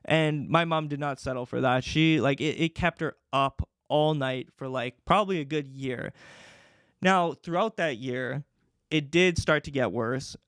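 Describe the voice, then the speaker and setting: A man's voice: a little high, unhurried, fairly bright tone, no room sound, clean studio sound. A young man from Canada hosting a podcast, telling his story casually with many fillers. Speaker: podcast host.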